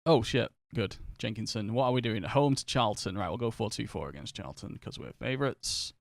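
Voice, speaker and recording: A man's voice: lowish voice, lively intonation, gravelly, no echo. Dry, chatty Northern English man. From England. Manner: chatty, rambling, quick to laugh and swear. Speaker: streamer. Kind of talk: casual live-stream chat while gaming.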